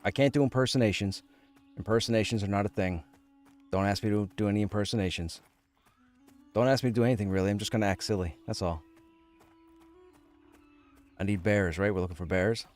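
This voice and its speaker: A man's voice: on the low side, a little fast, pauses often, a little mellow, faint music behind. Rambling, self-mocking male streamer. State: sore throat. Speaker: game streamer. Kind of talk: casual livestream chat.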